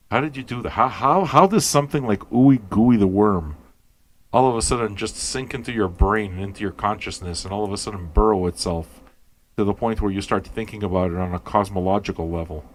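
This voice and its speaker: A man hosting a radio show, rambling and swearing as he questions everything aloud, tired and high. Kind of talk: casual rambling talk to listeners.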